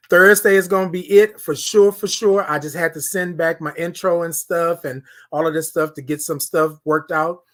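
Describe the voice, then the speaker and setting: Man, fairly high voice, motivational stream host, repeats phrases, loud then hushed. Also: steady tone, moderate pace, few pauses. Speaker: morning show host. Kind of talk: motivational live-stream talk.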